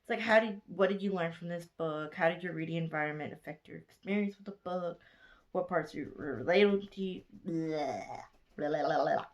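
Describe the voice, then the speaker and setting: A woman's voice: on the low side, fairly quick. Sleepy, chatty young woman reviewing a book. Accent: Southern US. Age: 20s. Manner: rambling, chatty, gushing, with frequent self-corrections. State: sleepy, yawning late at night. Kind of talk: casual book review vlog.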